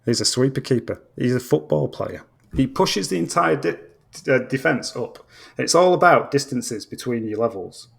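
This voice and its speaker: A man's voice: mid-range voice, expressive, moderate pace, creaky, husky. A man with a British accent, originally from Australia, ranting bluntly and swearing constantly as a guest football fan on a casual podcast. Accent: British English.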